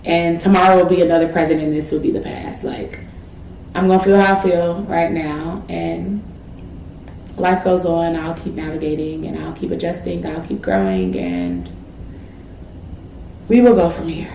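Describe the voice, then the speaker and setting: Young woman, medical student vlogger; casual, self-encouraging delivery, slightly low pitch, recorded in a reverberant room. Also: moderate pace, creaky, mellow, slight background noise. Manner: reflective, self-encouraging, frequent "like" fillers. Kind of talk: candid personal vlog. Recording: echoey room with faint ambience.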